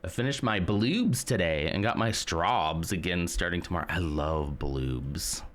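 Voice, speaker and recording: Deep-voiced man chatting on stream. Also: lively intonation, normal speed, a bit bright, a little hiss or hum. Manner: rambling, chatty, reads and answers chat. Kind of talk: casual live-stream chat.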